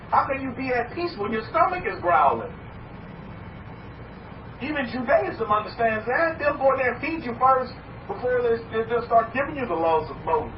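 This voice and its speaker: A man preaching as a rabbi, emphatic and repetitive, with dramatic swings in pitch. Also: very animated, moderate pace. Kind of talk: preaching sermon. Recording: echoey, distant, dull lo-fi with faint hiss.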